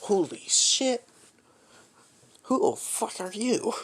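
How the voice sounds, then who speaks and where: A man's voice: a little high, big pitch swings, slow pace, sharp tone, heavily acted. A man voicing a nervous, swearing teenage hero boy in a spoken fan story. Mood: startled. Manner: jittery, swears a lot.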